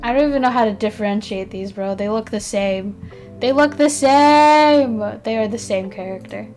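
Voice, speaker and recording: A woman's voice: medium pitch, steady tone, a little fast, darkish tone, faint music behind. A tired woman streaming casually, chatting and mumbling to herself as she works, with a self-deprecating manner. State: tired, yawning. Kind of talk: casual live-stream chat.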